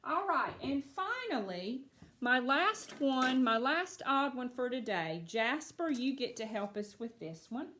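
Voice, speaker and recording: Woman teacher doing phonics w kids, slow encouraging, kinda echoey room. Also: sits high, very animated, a bit bright, a little hiss or hum. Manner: patient, encouraging, slow and clear. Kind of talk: phonics lesson to children.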